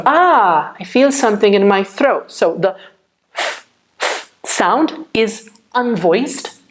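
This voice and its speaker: A woman teaches English pronunciation slowly and without hurry, explaining each step patiently and often pausing with an "okay?" to make sure viewers follow. Her middle-pitched voice is animated, with a clear and careful classroom delivery.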